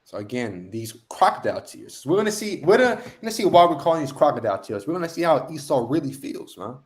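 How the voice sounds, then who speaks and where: A man's voice: on the high side, very animated, fast. A man leading an online scripture lesson, preaching emphatically and often tagging lines with "man". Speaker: lesson teacher.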